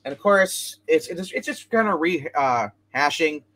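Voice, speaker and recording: A man's voice: fairly high pitch, animated, a little slow, fairly bright tone. A man hosting a casual chat show, rambling through a comic book review with many restarts and asides.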